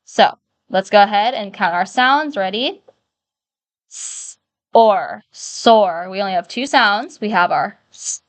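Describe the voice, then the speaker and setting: A woman's voice: medium pitch, fairly bright tone, no room sound. Patient woman teaching phonics. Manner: patient, slow sounding-out of letters. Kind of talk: phonics lesson.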